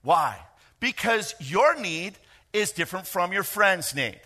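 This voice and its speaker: A middle-aged man preaching a sermon, lively and joking, with quick asides to the congregation. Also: high voice. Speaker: pastor.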